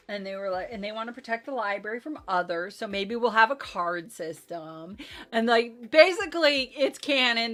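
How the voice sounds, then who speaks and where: A woman's voice: mid-range voice, pushed and bright. A woman in casual chat, recapping a tabletop game session in a rambling, self-deprecating way with lots of fillers.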